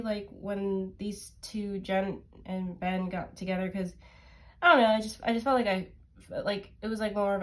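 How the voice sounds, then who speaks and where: Stuffy nose girl doing a tarot reading, nasally, kinda rambly, says like a lot. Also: mid-range voice. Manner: rambling, lots of "like" and "um". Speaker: tarot reader. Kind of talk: casual tarot reading chat.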